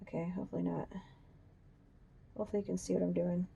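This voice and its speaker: A woman hosting a coloring tutorial, chatting casually and thinking aloud as she works, even talking to her drawing. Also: lowish voice, fast, gravelly, breathy edge, lo-fi sound. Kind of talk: casual demonstration while drawing. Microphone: camera on a tripod.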